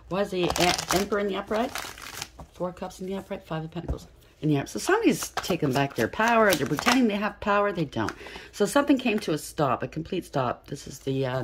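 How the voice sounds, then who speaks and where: A woman's voice: fairly low pitch, background noise. A woman giving a casual tarot reading, blunt and profane, with emphatic repetition. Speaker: tarot reader.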